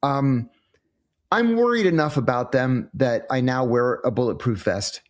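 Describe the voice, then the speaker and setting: Unhurried and mid-range in pitch, this man in his sixties, once an intelligence officer, responds to interview questions in a casual storytelling style. He brings quoted exchanges to life with animated delivery.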